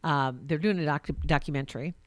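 A woman's voice: low-pitched, brisk, dry recording. A woman co-hosting a podcast in casual chat, talking loosely with frequent laughs and restarts. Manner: chatty, laughs often, trails into restarts. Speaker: podcast co-host.

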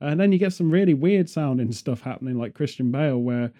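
A man's voice: mid-range voice, expressive, brisk, warm tone. A man chatting casually outdoors in a field, rambling off on jokey tangents. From England. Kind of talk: casual chat.

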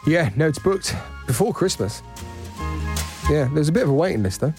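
Chatty bloke, slightly high voice. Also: male voice, expressive, moderate pace, darkish tone, faint music behind. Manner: chatty, laughs often, jokey. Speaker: podcast co-host. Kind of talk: casual chat.

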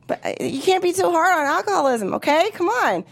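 A young woman works through a stand-up comedy set with a high, bright-pitched voice. She is brash and profane, leaping up and down in pitch whenever she acts out other people. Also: big pitch swings, brisk, vocal fry.

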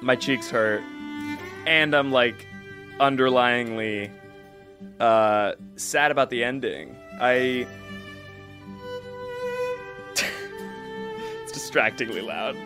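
A man's voice: medium pitch, slow pace, pauses often, music in the background. A man co-hosting a comedy podcast, reflective and laughing. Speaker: podcast co-host. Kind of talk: casual chat.

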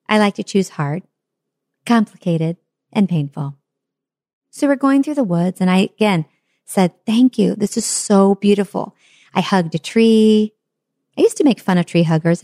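Animated self-mocking woman telling a story. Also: medium pitch, no room sound, clean studio sound. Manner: animated and self-mocking, acting out her own reactions. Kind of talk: personal storytelling monologue.

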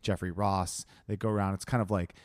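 A man's voice: deep voice, little pitch movement, fairly quick, dry recording, clean studio sound. A man co-hosting a podcast in casual chat, laid-back and playful, swearing freely. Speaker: podcast co-host.

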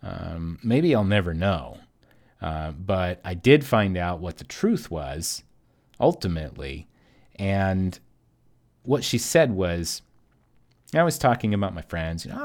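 Man, low voice, solo podcast host, reflective storytelling, hesitant, lots of ums. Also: very animated, slow pace, pauses often, darkish tone. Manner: reflective, hesitant with many fillers.

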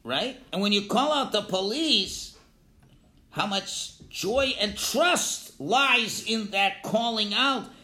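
Male Torah teacher, lively lecture delivery, bright and forceful tone, calls out examples loudly. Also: high-pitched, slow pace. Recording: echoey room.

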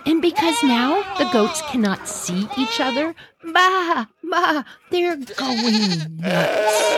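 Lively woman telling an animated story. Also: mid-range voice, heavy background noise. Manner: animated, laughs while telling. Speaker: podcast host. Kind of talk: personal storytelling.

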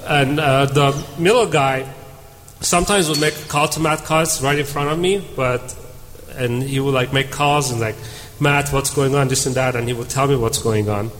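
A man's voice: mid-range voice, moderate pace. Man telling a story in a reverberant hall. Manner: animated storyteller, acts out dialogue. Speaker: panel speaker. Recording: reverberant hall, faint room noise.

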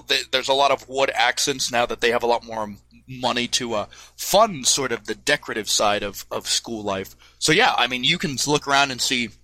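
Rambling game master man, bright dry voice. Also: mid-range voice, no room sound. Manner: rambling, self-correcting, filler-heavy. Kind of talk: narrating a tabletop game. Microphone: headphones and desk mic.

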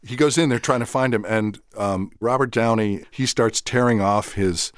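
A man guest talking casually in an interview, telling animated stories, acting out quotes and laughing often. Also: fairly low pitch, normal speed, dry recording, studio quality. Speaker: guest actor and director.

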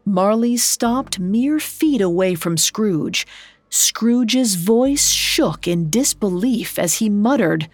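A woman narrating a story from a script in a measured, dramatic way. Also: medium pitch, a little mellow, dry recording.

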